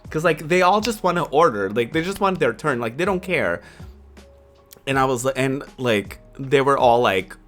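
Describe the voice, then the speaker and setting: Young male streamer, casual anecdote, animated delivery, expressive pitch. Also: moderate pace, soft background music. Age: 20s. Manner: animated, filler-heavy, laughing often. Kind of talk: casual storytelling.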